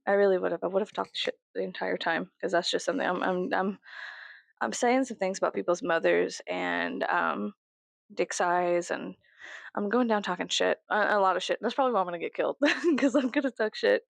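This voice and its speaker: A woman in her thirties telling a storytime vlog from her bedroom, profane and animated, laughing often and acting out what people said. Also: mid-range voice, a little fast, creaky, dry recording. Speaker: vlogger.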